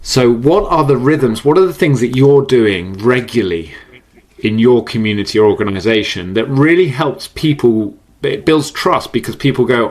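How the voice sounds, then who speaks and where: A man speaking as a podcast guest, explaining ideas in an animated way, often repeating words and laughing easily. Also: mid-range voice, normal speed. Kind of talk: conversational podcast interview. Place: based in the UK.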